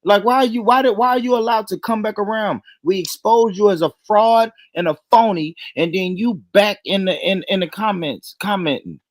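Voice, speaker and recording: An American man co-hosting a livestream, loud and teasing, laughing often in casual banter. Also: high-pitched, moderate pace, few pauses, no echo. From United States. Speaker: stream co-host.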